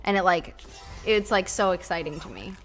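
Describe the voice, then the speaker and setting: A woman's voice: lowish voice, animated, moderate pace, fairly bright tone, soft background music. A woman streamer casually chatting with her viewers while playing a game, blunt and talkative, now and then swearing. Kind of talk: casual live-stream chat while gaming.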